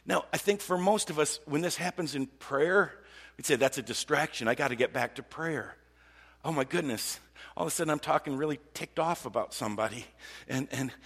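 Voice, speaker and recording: A man preaching a sermon in an animated way, repeating words and swinging from loud outbursts to hushed tones. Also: on the high side, vocal fry, slightly rough. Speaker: pastor. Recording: long hall reverb.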